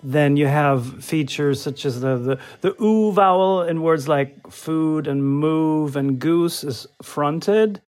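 A man's voice: fairly high pitch, slow pace, few pauses, a little mellow. A man interviewed as a linguist, explaining points carefully in an interview.

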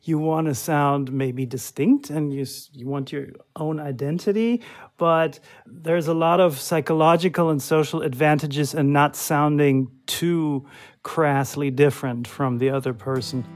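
Higher-voiced man explaining carefully. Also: fairly even intonation, a little slow. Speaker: linguist interviewee. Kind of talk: interview explanation.

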